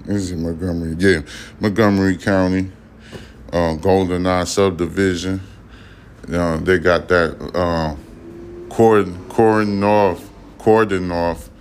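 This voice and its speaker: A man's voice: low-pitched, little pitch movement, a little slow, long pauses, a little hiss or hum. A man hosting a podcast, reading news headlines and riffing on them in a rambling, conversational way with frequent profanity. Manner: reads headlines aloud then riffs on them. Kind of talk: casual news commentary.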